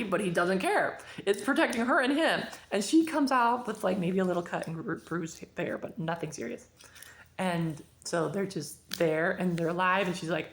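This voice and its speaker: A woman talks through a book review in a casual, chatty vlog, acting out the dialogue with sudden jumps in pitch.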